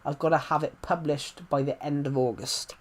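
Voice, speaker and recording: Young male streamer, twenties, slightly high voice, rambling casual chat with frequent restarts. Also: fairly even intonation, moderate pace. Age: 20s. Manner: rambling, often restarts and repeats phrases. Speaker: live streamer.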